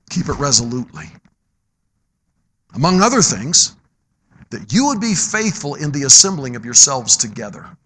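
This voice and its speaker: Middle-aged male preacher, high bright voice, swings from forceful calls to hushed storytelling. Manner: swings from loud emphatic exhortation to low quiet storytelling. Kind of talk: sermon.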